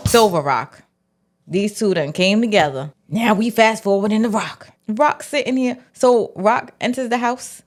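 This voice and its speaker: A woman, giving a casual, animated recap of a TV episode and acting out the characters' lines. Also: mid-range voice, measured pace, soft background music. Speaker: TV recap vlogger.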